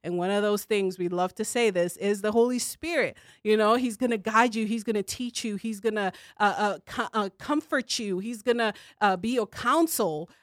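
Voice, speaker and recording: A woman's voice: mid-range voice, normal speed, few pauses, no echo, clean studio sound. A woman co-hosting a faith discussion, talking earnestly and preacherly and acting out the prayers she quotes.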